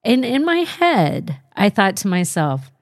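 A woman co-hosting a podcast, telling a personal story in a slow, heartfelt, emotional way. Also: mid-range voice, very animated, no room sound, clean studio sound. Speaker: podcast host. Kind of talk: casual chat.

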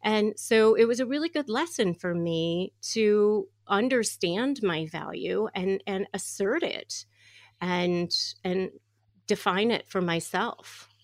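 Taking her time in a mid-range voice, a middle-aged woman tells a lively story as a guest on a podcast. She works as a divorce attorney and negotiator, and the studio-quality audio has no echo.

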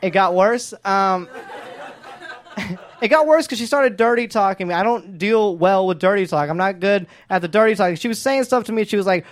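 A man doing stand-up in a club, telling awkward stories with deadpan punchlines. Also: high voice, moderate pace. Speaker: stand-up comedian. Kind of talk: stand-up set. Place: comedy club stage. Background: audience laughter.

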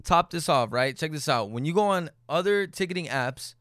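Casting note: young male host, lively swinging pitch, dry close sound, quick to laugh. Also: no echo. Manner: laughs often, loud when laughing. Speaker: game show host. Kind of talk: casual group banter and ad read.

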